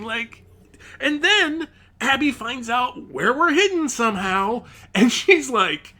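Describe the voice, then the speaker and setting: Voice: sits high, lively intonation, takes it slowly, bright, forceful tone. A gaming commentator in a profane, exasperated rant about a game, with frequent outbursts of rising disbelief.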